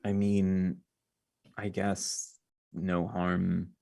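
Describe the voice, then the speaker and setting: A man's voice: deep voice, monotone, very slow, creaky, dark tone, far from the mic, full character voice. A man voicing a tired, sighing male superhero in a metal wingsuit. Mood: weary. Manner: sighing, resigned.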